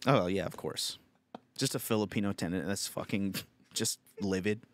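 A man's voice: on the low side, normal speed, no room sound. Laid-back crude podcast host man. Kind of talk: casual podcast chat.

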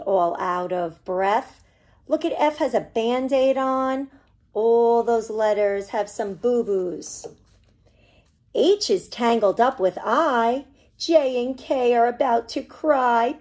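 A woman, a children's librarian, reading a picture book aloud to preschoolers with animated, singsong storytelling. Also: a little high. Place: library program recorded for online viewing.

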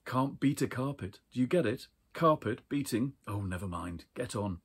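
A man's voice: lowish voice, expressive, normal speed, breathy edge. Man doing a jolly, jokey storybook leader. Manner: bouncy, pleased with his own joke.

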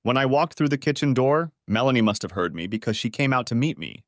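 A man's voice: medium pitch, expressive, fast talker, no room sound, clean studio sound. A man narrating a first-person audiobook story in a dramatic, emotive reading.

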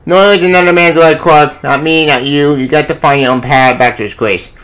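A man reading as a gentle aging farmer father. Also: a little high, a little fast, close to an everyday voice, poor audio. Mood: earnest. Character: gentle aging male farmer father counseling his son.

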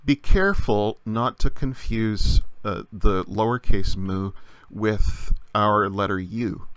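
A man teaching a recorded language lesson, explaining patiently with frequent pauses and fillers. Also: fairly low pitch, fairly bright tone, clean tone, no echo.

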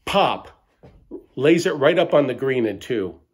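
A man's voice: medium pitch, sing-song, a little slow, husky. A middle-aged man telling a mock-bragging comic story in a boastful, bro-ish way, ending lines with "right?". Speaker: comedic storyteller.

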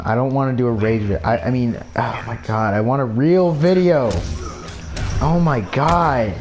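A man's voice: mid-range voice, a little slow, a little mellow, faint music behind. A man giving gameplay commentary, ranting in frustration and swearing under his breath. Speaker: gamer.

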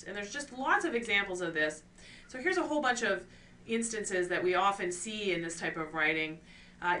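A woman teaching an online course on scientific writing, explaining clearly and posing rhetorical questions to her students. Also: fairly low pitch, bright, forceful tone. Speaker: course instructor. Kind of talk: recorded lecture on scientific writing. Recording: distant mic with faint ambient noise.

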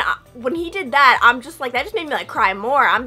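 Chatty young woman, lively bright voice. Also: a little fast, few pauses. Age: young adult. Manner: chatty, animated, acts out quotes with loud high outbursts. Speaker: vlogger. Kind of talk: casual storytelling vlog.

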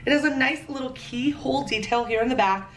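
A woman's voice: sits high, fairly quick, a bit bright. A woman vlogger chatting casually through a try-on haul, gushing and playful with jokey asides. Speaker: fashion vlogger. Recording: roomy echo, a bit far from the mic.

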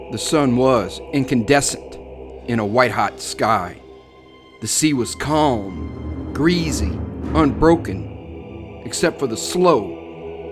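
A man reads a horror story at a slow, deliberate pace, building suspense line by line. His voice sits in a middle register. Faint music plays beneath the narration. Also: medium pitch. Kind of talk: dramatic reading of a horror story.

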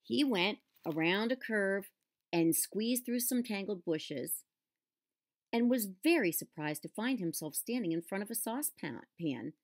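A woman reading a children's picture book aloud and adding gentle explanatory asides. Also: on the high side. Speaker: storybook reader.

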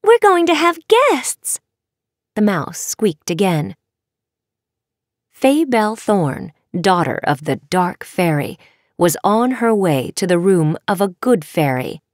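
A woman narrating a children's audiobook with expressive, measured storytelling. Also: on the low side, dry recording, clean studio sound. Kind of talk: scripted narration.

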